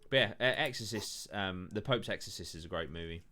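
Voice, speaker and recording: A man's voice: sits low, fairly quick, bright, forceful tone, a little hiss or hum. A man hosting a podcast in casual, rambling chat, full of swearing and fillers. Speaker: podcast host.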